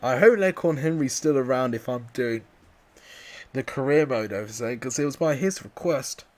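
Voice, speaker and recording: Breathless, excitable football streamer. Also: male voice, mid-range voice, normal speed. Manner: shouts and laughs at goals, chats with viewers. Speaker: streamer commenting on football games. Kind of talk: excitable live watchalong commentary.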